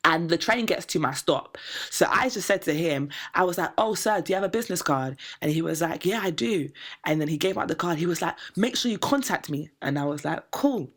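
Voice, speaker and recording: Low-voiced woman telling a story. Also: brisk. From Nigerian heritage, raised in Britain. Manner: animated, acts out quoted people, laughs often. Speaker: podcast co-host telling a story. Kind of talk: casual storytelling chat. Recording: podcast mic, loud laughter.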